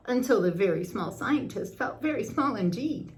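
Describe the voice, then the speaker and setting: An older woman reading a children's storybook aloud with expressive, lilting narration. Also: fairly high pitch, moderate pace, few pauses.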